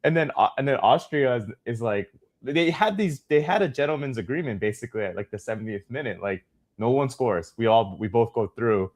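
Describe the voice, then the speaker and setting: A man's voice: mid-range voice, animated, fairly quick. A man co-hosting a casual sports podcast, easygoing, telling stories about games with frequent chuckles. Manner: easygoing storyteller, chuckles while recounting. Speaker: podcast co-host.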